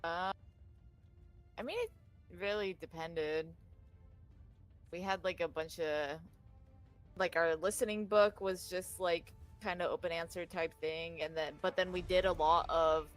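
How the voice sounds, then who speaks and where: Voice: medium pitch, fairly even intonation, unhurried, pauses often. Laid-back, hesitant, casual gaming chat, faint music behind.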